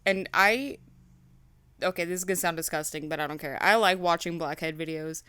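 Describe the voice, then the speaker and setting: A woman's voice: lowish voice, a little fast, pushed and bright, smooth, dry recording. Giggly joking female podcast co-host. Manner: giggly, reactive, joking asides. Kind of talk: casual chat.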